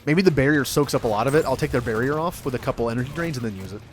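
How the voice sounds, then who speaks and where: A man streaming a video game, chatting casually and excitably, yelping and laughing as he plays. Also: mid-range voice, very fast, slight background noise. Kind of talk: casual gameplay commentary.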